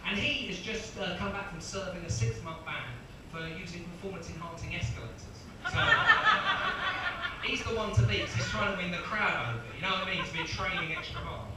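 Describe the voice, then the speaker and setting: A man's voice: high voice, animated, normal speed. Self-mocking stand-up man in his thirties. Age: 30s. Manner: chatty, self-mocking, bursts of laughter. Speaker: stand-up comedian. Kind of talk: stand-up comedy routine. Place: comedy venue with audience. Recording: echoey venue, distant mic, crowd noise.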